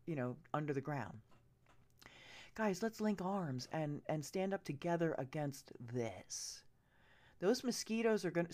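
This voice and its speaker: A woman delivers an impassioned rant straight to her audience, her pitch swinging widely as she presses her point. She swears freely and sounds urgent, sometimes sinking to a hushed whisper. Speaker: vlogger. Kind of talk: impassioned direct-to-camera rant.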